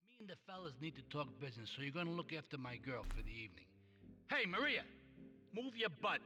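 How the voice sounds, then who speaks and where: An actor playing a brash, crude male mafia boss in a video game cutscene, talking in a gruff, bossy way. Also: a little high, very animated, fast talker, sharp tone, soft background music, heavily acted.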